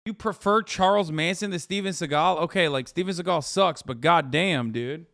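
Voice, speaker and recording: Guy streamer swearing and mocking clips, smooth clean voice, dry room. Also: fairly high pitch, normal speed, dry recording. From United States. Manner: profane, mocking, animated reactions. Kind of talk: casual live-stream commentary.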